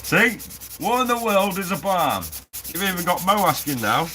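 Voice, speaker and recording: A man's voice: high voice, big pitch swings, normal speed, bright, forceful tone. A man hosting a casual live stream while building a prop, chatting with viewers, laughing often and reading the chat aloud. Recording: noisy workshop with sanding. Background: sanding and 3D printer noise.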